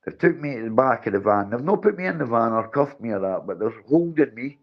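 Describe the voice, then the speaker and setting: A middle-aged man telling a story on a livestream, animated and acting out what each person said. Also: mid-range voice, fairly quick, highs cut off. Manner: animated, acts out his own and others' lines. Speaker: livestream host.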